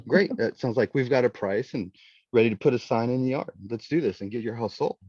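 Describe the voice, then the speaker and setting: A man's voice: medium pitch, brisk, a little mellow, husky, dry recording. A man on a video call reading a real estate listing script aloud, with small restarts and easy laughs. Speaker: trainee agent reading a script. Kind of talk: role-play script reading. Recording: dull lo-fi video call audio.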